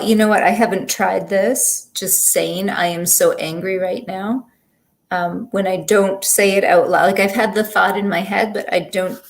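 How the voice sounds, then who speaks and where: A woman's voice: mid-range voice, creaky. Hesitant woman, a coaching client. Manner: hesitant, with restarts and fillers. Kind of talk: candid conversation.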